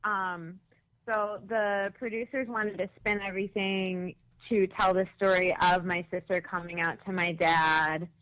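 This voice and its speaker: A woman's voice: medium pitch, steady tone, unhurried, a bit bright, rough recording. A woman interview guest talking candidly about her experience on a reality show, in casual storytelling.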